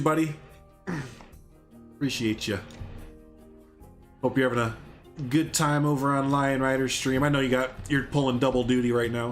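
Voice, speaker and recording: A young man rambling casually on a live game stream, chatting with viewers as he builds. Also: mid-range voice. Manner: rambling, chatty, reads and answers chat.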